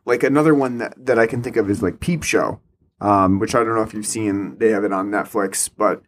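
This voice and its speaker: A man in casual film chat, speaking in a measured, thoughtful way with frequent "um" and "like". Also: fairly low pitch, a little hiss or hum. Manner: measured, thoughtful, many fillers. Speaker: podcast co-host.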